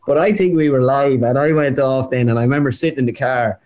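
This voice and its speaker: A man's voice: medium pitch, steady tone, darkish tone. Chatty young man telling stories. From Ireland. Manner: chatty anecdotal storyteller, quick with asides. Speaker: guest, impressionist. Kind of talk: casual interview chat.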